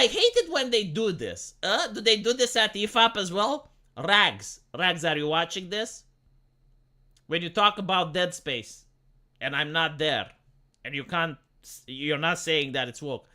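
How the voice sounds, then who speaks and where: A high-voiced man livestreaming, his tone bright and cutting. He rants sarcastically about film reviews, swears freely, and trips over his own restarts. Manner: ranting, sarcastic, profane; halting, with many restarts.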